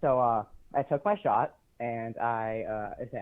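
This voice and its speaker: A man's voice: medium pitch, fairly even intonation, unhurried. Hesitant teen boy on a tinny phone line. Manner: hesitant, many ums and uhs. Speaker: caller. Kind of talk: telling a story on a call.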